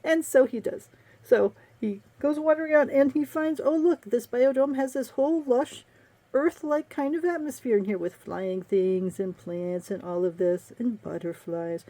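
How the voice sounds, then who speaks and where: A woman's voice: a little high, moderate pace, dark tone. A woman and romance novelist giving a casual, sarcastic book review, laughing often.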